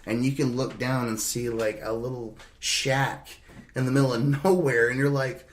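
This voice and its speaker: A young man spins a loose, swearing anecdote in a relaxed, conversational way. He rambles and restarts, and he laughs through the story. His voice sits at an ordinary middle pitch. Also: moderate pace. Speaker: podcast host. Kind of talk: casual storytelling.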